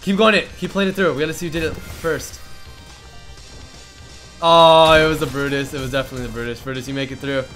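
A young man hosting a game show event, talking over gameplay with bursts of shouting and laughter. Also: on the high side, steady tone, quick pace, pauses often, faint music behind. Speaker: gaming YouTuber hosting a fashion show. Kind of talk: excited gameplay commentary.

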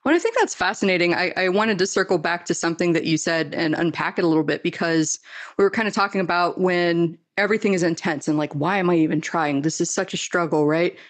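A woman's voice: lowish voice, fast talker. Emphatic, fired-up woman podcast host. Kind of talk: casual interview chat.

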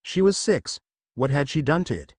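A man's voice: a little high, expressive, moderate pace, dry recording, studio quality. A man narrating a fanfiction story as an audiobook, reading expressively with occasional small slips.

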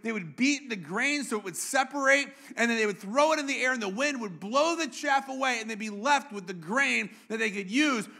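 Man, pastor, high voice, bright tone, playful sermon, asks the crowd questions. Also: creaky. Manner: playful, engages congregation with questions. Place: church.

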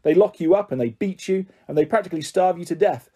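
A man's voice: high voice, fast, dark tone, breathy edge. A man voicing a brash, bossy girl in care. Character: bold, cheeky ten-year-old girl in care. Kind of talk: storybook character reading.

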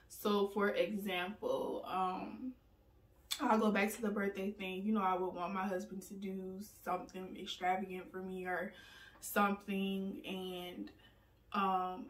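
A woman's voice: mid-range voice, a bit bright. Earnest woman in a roomy, distant recording. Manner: earnest and candid, laughs often, many "um"s. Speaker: vlogger. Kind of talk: casual personal vlog talk. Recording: roomy sound, mic set back from her.

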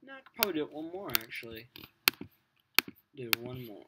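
A man's voice: mid-range voice, big pitch swings, fairly quick, long pauses. A man giving casual, crude, profanity-laden commentary while playing a video game at his computer. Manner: crude, profane, rambling self-talk. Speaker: let's play host. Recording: loud background noise with keyboard clicks.

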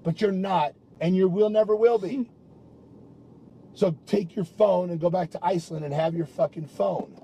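A man's voice: high voice, normal speed, dark tone, slightly rough. A man in a heated private argument, talking in an angry, profane, accusing rant.

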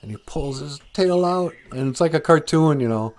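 A man telling a folk tale outdoors in a relaxed, conversational way. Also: on the high side, normal speed. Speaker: storyteller. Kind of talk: casual oral storytelling.

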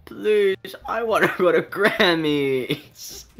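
A man voicing a whiny, posh little child who pleads in a drawn-out, fancy way. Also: high-pitched, animated, noisy background, pitched above the performer's own voice, heavily acted. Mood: pleading.

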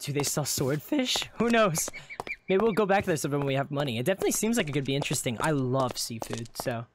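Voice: mid-range voice, expressive, fast, background noise. A streamer playing through a live game roleplay, stammering and rambling with lots of fillers. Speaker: streamer and player character.

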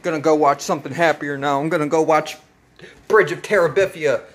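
A man's voice: fairly high pitch, fairly even intonation, a little fast. A man hosting a casual, profane movie recap, laid-back and laughing often. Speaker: host.

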